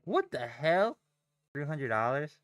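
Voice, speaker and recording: A man's voice: fairly high pitch, sing-song, slow pace, no echo. A young man chatting casually on a live trading stream, swearing and rambling as he reacts to chat and charts. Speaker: livestream day trader.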